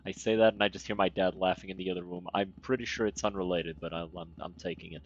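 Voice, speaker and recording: A man giving casual, wry commentary while playing a video game, with deadpan jokes and frequent fillers. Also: deep voice, fast talker, dull audio. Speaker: gaming streamer. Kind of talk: casual let's play commentary.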